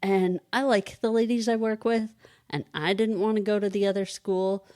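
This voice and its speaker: In studio-quality audio with no room sound, a woman with a dark, steady, mid-range voice speaks at a moderate pace. She's a podcast co-host and kindergarten reading teacher, a chatty storyteller who laughs a lot in casual conversation.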